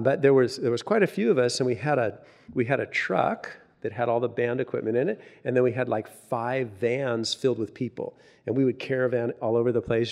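A male pastor preaching in a loose, chatty way, circling back on his words as he builds a story toward his point. His voice sits at a middle pitch for a man, neither deep nor high. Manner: conversational and animated, many restarts and filler words. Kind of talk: sermon with personal story.

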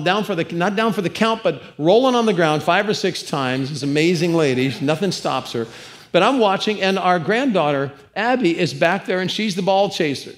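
A man preaching in church with a fairly high voice and an animated, storytelling manner. He jokes with the congregation and breaks off into asides before he comes back to his point. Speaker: pastor. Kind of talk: sermon.

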